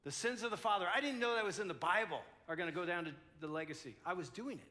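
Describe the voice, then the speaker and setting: A man's voice: high voice, animated, quick pace, pushed and bright. A man in his sixties telling a self-mocking story about marriage conflict to a live conference audience, with lots of animation. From United States. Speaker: conference speaker.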